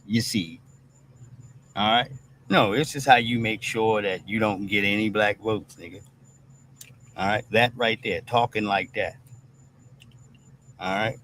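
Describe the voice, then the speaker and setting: A man's voice: on the low side, a little slow, pauses often, a bit bright, a little hiss or hum. Blunt, profane man on a stream. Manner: blunt, profane, keeps asking "all right?". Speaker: host. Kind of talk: streamed commentary monologue.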